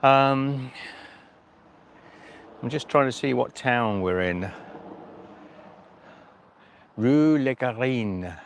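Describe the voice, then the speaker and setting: Very slowly and with long pauses, a man with a mid-range voice chats on a live stream from his handheld phone. The cycle-touring vlogger jokes and rambles at an outdoor rest stop, restarting as he goes, with a little hiss or hum behind him.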